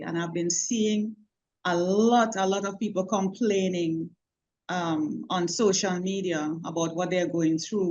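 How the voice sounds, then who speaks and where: A woman who is a communication consultant, chatting on a video call in a warm, affectionate way and laughing easily. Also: medium pitch. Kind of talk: casual video call chat. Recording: dull lo-fi call audio.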